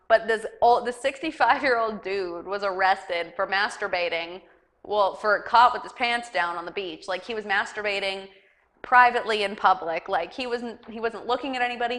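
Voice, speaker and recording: A woman's voice: medium pitch, fairly bright tone. A young woman hosting a casual news chat show, rambling and giggly, with lots of fillers. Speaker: talk show host.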